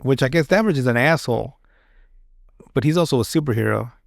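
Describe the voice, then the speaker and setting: A man's voice: medium pitch, brisk, creaky, dry recording, studio quality. A man hosting a podcast, recapping a show in casual chat, rambling and swearing with many restarts. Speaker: podcast host.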